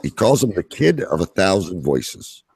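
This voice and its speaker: A man's voice: low voice, big pitch swings, moderate pace, darkish tone, husky. A man hosting a casual podcast, rambling with many fillers. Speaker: podcast host.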